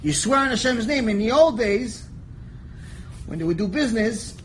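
Rabbi guy teaching a lecture, acts out voices, shouts for emphasis, high-pitched, swings up and down a lot. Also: expressive, moderate pace, slight background noise, rough recording. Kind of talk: Torah lecture.

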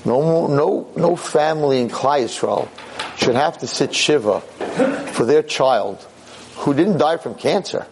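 A man giving a Torah lecture as a rabbi, impassioned, dropping low and grave then rising into sharp outbursts. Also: expressive, unhurried, gravelly, a little hiss or hum.

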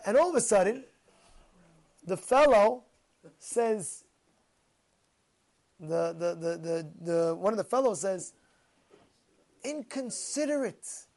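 Animated high-voiced man telling a sermon story. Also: slow pace, long pauses. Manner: animated, repeats phrases for emphasis. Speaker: Torah teacher.

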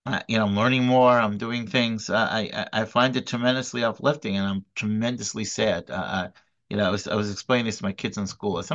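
Halting, earnest man teaching a class. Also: fairly low pitch, fairly even intonation, a bit bright, dull audio. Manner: halting, many repeated words and restarts; earnest, emphatic. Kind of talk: informal recorded lecture.

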